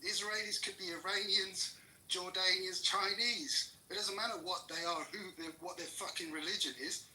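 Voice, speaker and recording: Man, angry ranting debater, constant swearing, sharp tone, distant roomy recording. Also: high-pitched, fairly even intonation, moderate pace. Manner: furious, swears constantly, shouts insults. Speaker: political commentator in a heated debate. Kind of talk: angry profane rant. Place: room with others present. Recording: roomy echo, distant mic.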